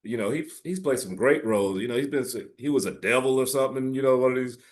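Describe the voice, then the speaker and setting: A man's voice: medium pitch, quick pace. A man in his forties, co-hosting a podcast in a rambling, laid-back chat full of slang who often hunts for words. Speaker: podcast co-host. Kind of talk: casual chat.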